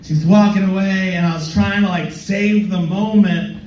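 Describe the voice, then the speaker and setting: A man's voice: sits high, fairly even intonation, normal speed, darkish tone, lo-fi sound. A young man doing a playful, self-mocking stand-up comedy set on a club stage, slipping into goofy voices. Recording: roomy club sound from a distance.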